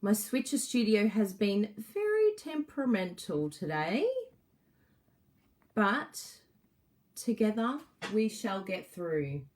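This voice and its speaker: A woman's voice: medium pitch, big pitch swings, takes it slowly, darkish tone. A middle-aged woman, hosting a casual live stream, bubbly and laughing often as she greets viewers by name. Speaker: Facebook Live host.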